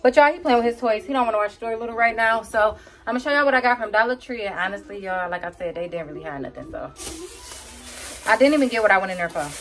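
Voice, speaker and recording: A woman's voice: fairly high pitch, quick pace, a bit bright, faint music behind. Chatty woman vlogging to her viewers. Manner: chatty, talks straight to viewers with "y'all". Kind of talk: casual vlog chat.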